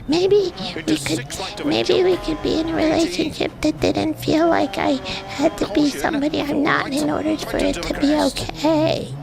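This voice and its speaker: A man voicing his own scrawny, timid inner self, who stammers and pleads softly. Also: very high voice, flat delivery, moderate pace, vocal fry, pitched above the performer's own voice, exaggerated voice, poor audio. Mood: pleading. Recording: music playing behind.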